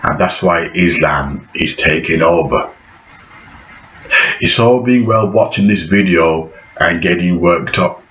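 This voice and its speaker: A man's voice: low-pitched, slow, a bit bright. A man vlogging in a preachy, prophetic monologue, repeating phrases for emphasis. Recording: echoey room, dull lo-fi sound.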